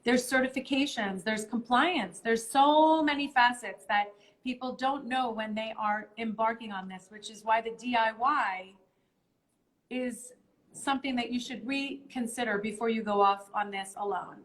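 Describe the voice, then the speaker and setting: A woman's voice: fairly high pitch, moderate pace, low-quality recording. A woman hosting a live stream in casual chat, explaining things step by step with many ums.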